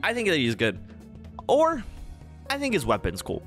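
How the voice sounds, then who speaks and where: A man's voice: a little high, huge pitch swings, moderate pace, a bit bright, soft background music. A man talking casually as he ranks game characters, playful and rambling, with theatrical asides. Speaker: gaming YouTuber. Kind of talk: casual tier-list commentary.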